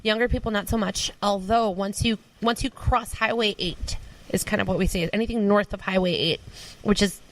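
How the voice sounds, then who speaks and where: A woman's voice: medium pitch, steady tone, rough recording. A woman from Minneapolis, co-hosting a podcast in chatty, agreeable casual talk. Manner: chatty, agreeable, quick to chime in. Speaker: podcast co-host. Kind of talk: casual chat.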